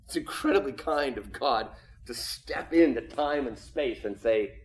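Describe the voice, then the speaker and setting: A man preaching a sermon, talking in a conversational, earnest way that swings from loud emphasis to hushed tones. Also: mid-range voice, lively intonation, a little slow. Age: adult with children. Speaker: pastor.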